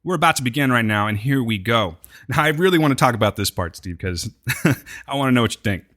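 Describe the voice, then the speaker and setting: A man co-hosting a podcast talks fast in a mid-range voice, recapping a TV episode in casual chat. He's animated and jokey, acting out the characters' lines as he goes.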